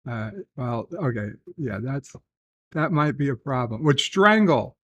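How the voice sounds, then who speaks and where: A middle-aged man hosting a casual livestream. He reads chat messages aloud, then answers softly with dry, rambling humor. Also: medium pitch, measured pace. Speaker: livestream host reading chat.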